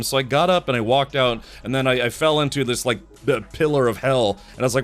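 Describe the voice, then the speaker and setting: A man's voice: medium pitch, quick pace, few pauses, a bit bright, faint music behind. A man hosting a live stream in casual chat, tired, rambling through stories and making mouth sound effects.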